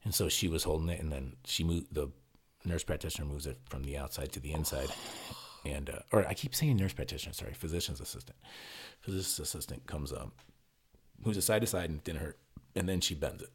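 A man with a very low, gravelly voice tells a story in casual podcast chat. He is husky and rough-edged, and he swears freely while acting out each quote. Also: brisk. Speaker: podcast co-host telling a story.

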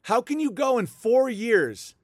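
A high-pitched man rants through a political monologue in a heated, profane, mocking way. His voice sits dry and close to the mic. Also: expressive, measured pace, no room sound. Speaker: political commentator.

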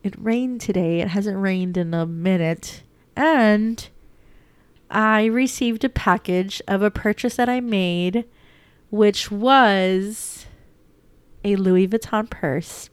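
Young woman, casual vlog chat, rambling with fillers, close to tears, smooth voice, dry sound. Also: medium pitch, takes it slowly, no room sound. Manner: chatty, rambling, many fillers; holding back tears. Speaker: vlogger.

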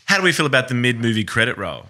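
A man's voice: mid-range voice, big pitch swings, very fast, pushed and bright. A man co-hosting a casual film podcast, making dry, wry remarks. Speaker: podcast co-host.

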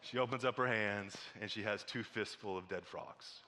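A man from Missouri preaching a sermon, telling a lively story and then dropping to a soft, hushed appeal. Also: on the low side, moderate pace, few pauses, big-room sound, slight background noise. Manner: animated storytelling, drops to a soft hush for appeals. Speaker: pastor.

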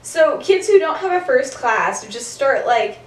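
A woman's voice: high-pitched, sing-song, unhurried. Giggly young woman, echoey room. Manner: giggly, chatty, heavy use of "like". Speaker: podcast co-host. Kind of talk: casual chat retelling a story. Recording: roomy, distant mic.

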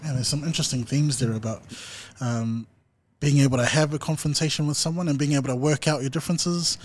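A man hosting a podcast interview, who asks thoughtful questions in a measured way with frequent ums. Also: medium pitch, steady tone. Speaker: podcast host, student teacher. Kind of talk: casual interview.

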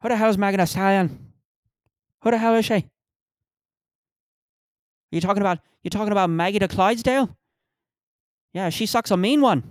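A man's voice: sits high, normal speed, pauses often, no room sound, clean studio sound, voice pushed up, close to an everyday voice. Man putting on a brawling Irish pub tough. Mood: mocking. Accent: Irish (put on). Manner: belligerent, shouted taunts.

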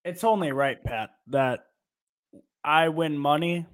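Playful, teasing male podcast co-host with a slightly high voice; loose, casual betting talk. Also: slow pace, a bit bright. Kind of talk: casual sports betting chat.

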